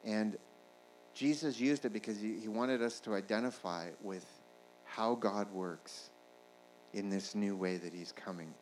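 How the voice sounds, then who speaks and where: A male pastor preaching a sermon, rising to shouts at the peaks and asking the congregation "Amen?" along the way. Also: on the low side, measured pace, faint music behind, low-quality recording.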